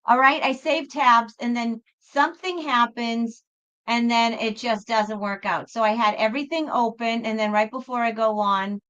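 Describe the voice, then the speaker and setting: Chatty tarot lady on a live stream, bright pitchy voice, keeps rambling and restarting, kinda dull lo-fi sound. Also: fairly even intonation, moderate pace, smooth. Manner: rambling, chatty, self-interrupting. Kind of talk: casual live-stream chat.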